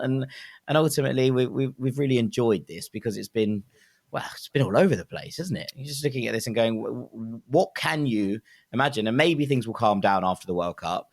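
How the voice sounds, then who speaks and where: A man's voice: fairly low pitch, no room sound, clean studio sound. A man hosting a casual sports podcast, upbeat and often repeating words as he thinks. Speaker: podcast host.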